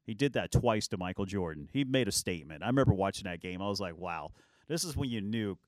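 Low-voiced man telling sports stories. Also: fast, dry recording. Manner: lively anecdotes, acting out quoted lines. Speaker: sports show host. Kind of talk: casual sports storytelling.

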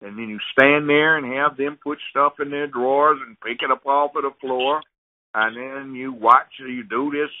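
A man guest on an interview show, telling stories and giving advice in an emphatic, lecturing way. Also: mid-range voice. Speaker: guest, judge. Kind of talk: interview talk, storytelling and advice. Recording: phone-like narrow sound.

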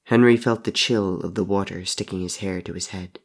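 A man narrates a story in a low-pitched, measured voice. He keeps his reading even and often drops to a soft delivery. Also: breathy edge.

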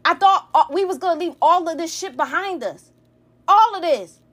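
A woman's voice: extremely high pitch, moderate pace, fairly bright tone. A woman in her thirties telling a personal family story in a heated, profane, rambling way, full of restarts. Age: 30s. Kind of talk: emotional storytime rant.

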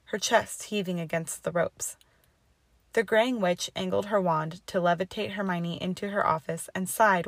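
Low-voiced woman reading fanfiction aloud. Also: dry recording. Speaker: audiobook reader. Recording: dry close recording.

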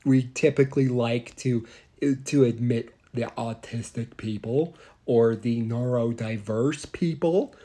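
A man doing a slow, dreamy old astronaut. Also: mid-range voice, warm tone, lightly acted. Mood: smug. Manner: slow, halting, repeats words. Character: rambling, dreamy older male astronaut.

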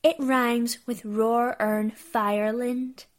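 A woman's voice: fairly high pitch, steady tone, slow pace. A woman podcast host performing a comedy sketch as a tour guide, theatrical and mock-indignant.

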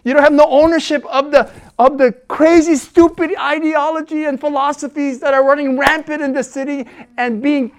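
A man preaching a sermon as a pastor. He talks conversationally with fillers, and swings between loud, emphatic preaching and soft, low asides. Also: fairly even intonation, normal speed, hardly any pauses. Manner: conversational, with fillers and self-corrections.

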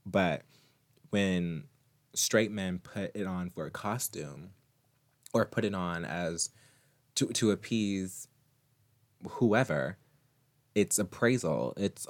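A man's voice: low voice, expressive, slow, pauses often, dry recording. A man hosting a solo podcast, talking casually and chattily to his listener, often laughing and calling the listener "girl.". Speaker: podcast host.

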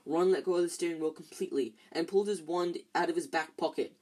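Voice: mid-range voice, fast talker, darkish tone. An amateur reader, tired, reading a novel aloud with frequent slips and restarts. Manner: stumbles and restarts often, tired.

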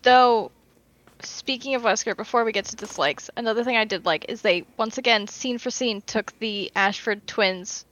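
A woman co-hosting a casual podcast, telling stories in an animated, chatty way with some casual swearing. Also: a little high, moderate pace, dull audio. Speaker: podcast co-host.

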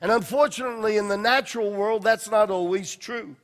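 A man preaching a sermon as a pastor, telling personal stories with passion and moving from loud, forceful delivery to hushed, quiet moments. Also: sits high, a little fast. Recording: long hall reverb.

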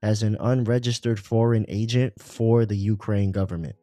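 A man's voice: lowish voice, normal speed, no room sound, clean studio sound. A man co-hosting a podcast, talking casually about politics with lots of fillers and swearing. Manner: profane, animated, frequent fillers. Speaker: podcast co-host.

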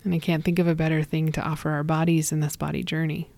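A woman hosting a reflective talk and reading a gentle blessing, speaking slowly and softly, often trailing into a whisper. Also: low-pitched, little pitch movement, creaky, no echo. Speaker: podcast host.

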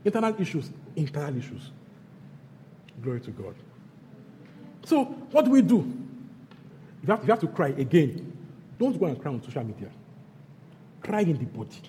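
Animated Nigerian-accented man preaching. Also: a little high, a little fast, long pauses, a little hiss or hum. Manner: animated preaching, repeats phrases, swings between loud bursts and hushed lines. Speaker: pastor. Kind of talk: sermon. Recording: long hall reverb, faint background ambience.

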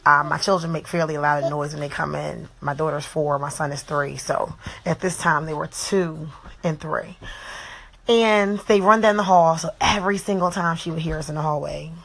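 A young mother tells a story from her own life at home, her voice sitting a little low. She is animated and profane, and she jumps into everyone's lines as she tells it. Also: normal speed, creaky. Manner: animated, profane, acts out the other people's lines. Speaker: mother telling a personal story. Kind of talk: casual storytime to camera.

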